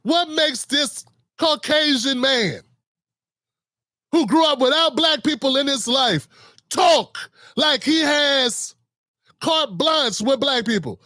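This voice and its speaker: A man's voice: very high voice, lively intonation, slow, sharp tone, no echo, studio quality. A man hosting his own show, ranting in a heated, mocking political commentary. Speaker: host.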